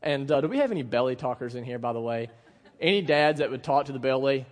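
A man in his thirties, a pastor preaching a sermon in a church, telling stories in a relaxed, conversational, self-deprecating way. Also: medium pitch, fast talker. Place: church sanctuary. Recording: long hall reverb.

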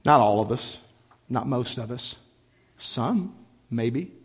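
A man's voice: mid-range voice, expressive, slow pace, breathy edge. Passionate male preacher, reverberant church hall. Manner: passionate, conversational, filled with "like". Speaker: pastor. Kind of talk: sermon. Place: church sanctuary.

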